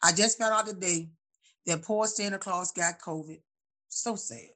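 A woman's voice: fairly low pitch, measured pace, a bit bright. A woman in a casual chat, playful and teasing with the others.

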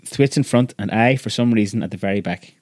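A man narrating a story aloud in a measured, vivid way. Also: lowish voice, darkish tone, no echo, clean studio sound.

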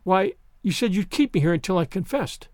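Imaginative orphan girl, read by a man, gushing, breathless, dramatic, high lively storybook voice. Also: brisk, no echo, studio quality. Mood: weary. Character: imaginative talkative orphan girl, about eleven.

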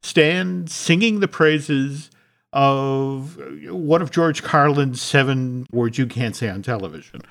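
Male podcast host, mid-pitch, easy conversational delivery with sponsor reads. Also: slow pace, fairly bright tone. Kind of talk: casual chat with ad reads.

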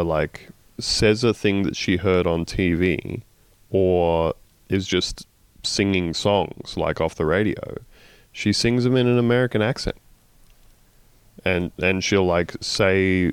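A man's voice: deep voice, clean tone, no room sound. An Australian man in his thirties co-hosting a podcast, rambling casually with lots of fillers and swearing. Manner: rambling, profane, many fillers and restarts. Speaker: podcast co-host. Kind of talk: casual chat.

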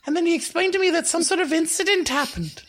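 A woman voicing Harriet, a bubbly, excitable teenage schoolgirl who talks in a giggly, high-pitched voice. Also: quick pace. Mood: chattering. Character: bubbly teen girl student Harriet.

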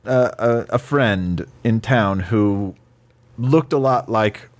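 A man's voice: on the low side, slow. A man in a tabletop role-play chat, questioning witnesses in a mock trial, talking hesitantly with many fillers and restarts.

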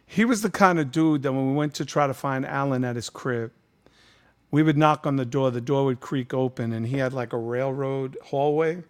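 A man appearing as a guest on a conversational show tells a story in a casual, animated way, laughing as he goes. His voice is smooth and medium in pitch, at a moderate pace, and he comes across as a lively storyteller.

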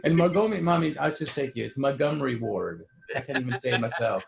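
An animated man in his forties with a gravelly voice, chatting loosely on a podcast. His pitch jumps all over as he acts out other people and drops in Spanish words. He talks in a lively, playful way. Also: brisk, a crowd in the background. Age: 40s. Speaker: podcast co-host. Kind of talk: casual chat.

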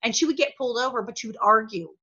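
A woman being interviewed as a guest, telling animated stories, often laughing and acting out the voices of people she quotes. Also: fairly high pitch, very fast, lo-fi sound. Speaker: guest, former actress.

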